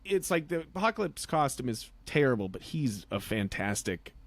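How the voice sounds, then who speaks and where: A man co-hosting a podcast, chatting about a film in an excitable, rambling way with many fillers and restarts. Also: mid-range voice, normal speed. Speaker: podcast co-host. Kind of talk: casual film review chat.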